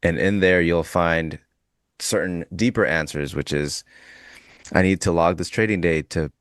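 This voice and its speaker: A man's voice: low voice, a little slow, clear, resonant tone, no echo, clean studio sound. A man hosting a live trading chat, joking bluntly and relaying viewer questions to the panel.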